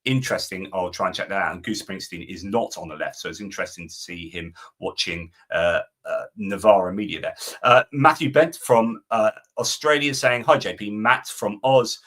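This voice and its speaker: A man's voice: deep voice, moderate pace, few pauses, fairly bright tone. A man hosting a live stream, chatting, reading viewer comments and giving rambling opinions. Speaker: host.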